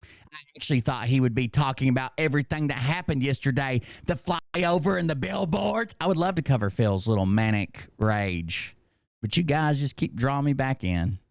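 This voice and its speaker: A man's voice: mid-range voice, animated, normal speed, vocal fry, no echo, clean studio sound. A middle-aged man giving an unscripted, profane commentary rant and talking straight to his chat. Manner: profane, emphatic, talks to chat directly. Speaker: commentary streamer.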